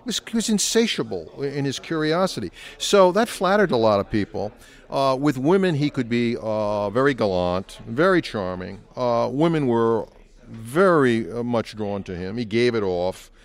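An older man, a biographer, answering interview questions in an anecdotal, relaxed way and now and then mimicking quoted voices. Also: medium pitch, normal speed. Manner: anecdotal, slips into quoted voices while telling stories.

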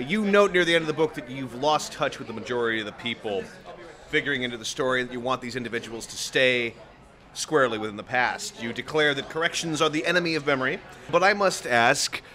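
Bright-voiced wry male interviewer. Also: medium pitch. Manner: probing, wry, builds questions in lists. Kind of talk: literary interview.

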